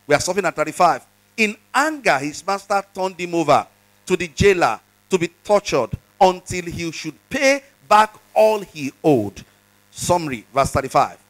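A man's voice: sits high, animated, normal speed, rough recording. A male pastor preaching a sermon, reading scripture aloud, acting out its dialogue and repeating lines and questions to the congregation. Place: church service.

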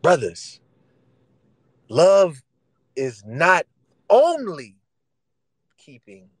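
A man's voice: on the high side, sing-song, slow pace, pauses often, dry recording, low-quality recording. A man preaching a sermon in casual vernacular, emphatic and repetitive, acting out the voices he quotes.

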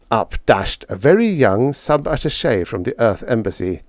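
A man narrating a vintage short story audiobook in an expressive reading. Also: medium pitch, moderate pace, no room sound, clean studio sound. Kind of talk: scripted narration.

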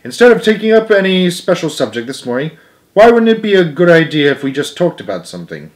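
A man voicing a tiny, prim male mouse who is a substitute teacher, brisk and bossy. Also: on the high side, big pitch swings, pitched above the performer's own voice. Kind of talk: storybook reading.

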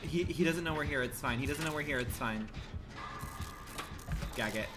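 A man streaming a game live, commenting in a campy, profane way and swinging from low murmurs to shrill outbursts. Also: moderate pace, over music.

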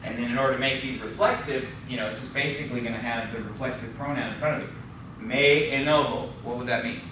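A man's voice: medium pitch, fairly even intonation, racing, noisy background. A man teaching a Spanish class, explaining patiently and asking the class questions, with a frequent "okay?". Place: church classroom. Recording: very echoey classroom recorded from far off.

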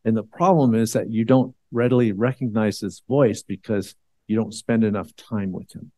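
A man's voice: on the low side, normal speed, dark tone, no room sound, studio quality. A man, a church elder, giving a conversational Bible sermon with many fillers and restarts.

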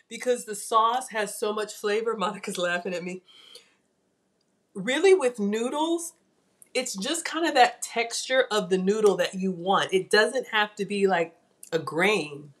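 A woman runs a live cooking class from her home kitchen, chatting freely and getting excited as she cooks. Her voice sits at an ordinary pitch for a woman. She keeps turning to her online viewers as if they are in the room with her. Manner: chatty, excitable, talks straight to viewers as y'all.

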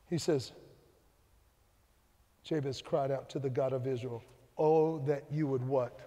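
A middle-aged man, co-pastor of a church, preaching a sermon that swings between loud and hushed. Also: a little high. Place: church sanctuary. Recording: long hall reverb.

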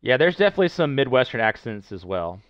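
A man's voice: mid-range voice, very animated, fast, no room sound, muffled recording. A man casually commenting while he streams a game, chatting playfully and answering his viewers. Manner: chatty, playful, reading chat aloud. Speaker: gameplay streamer.

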